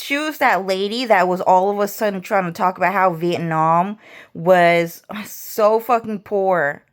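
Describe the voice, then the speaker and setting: A woman vlogger ranting casually, rambling and swearing as she repeats herself. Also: mid-range voice. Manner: rambling, profane, repetitive.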